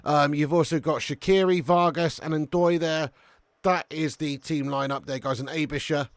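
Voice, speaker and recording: A man's voice: fairly high pitch, fairly even intonation, moderate pace, dry recording, clean studio sound. A man hosting a live football watch-along, bantering brashly with viewers, swearing often and reading their comments aloud. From England.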